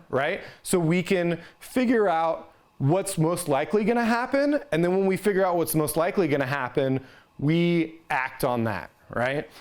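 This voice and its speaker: A man giving an instructional talk on resiliency, conversational and plain-spoken, checking in with listeners as he explains. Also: fairly high pitch. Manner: conversational, ends points with "right?". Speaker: resiliency trainer.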